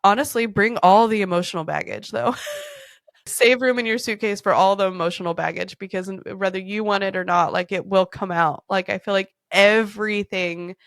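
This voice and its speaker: A woman in her thirties hosts a podcast and tells personal stories in a frank, profane, laughing way. Her pitch sits in an ordinary middle range. The recording is dry and close, with no room echo. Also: steady tone, normal speed, creaky, fairly bright tone. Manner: candid, profane, laughing storyteller. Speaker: podcast host. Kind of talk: casual storytelling chat.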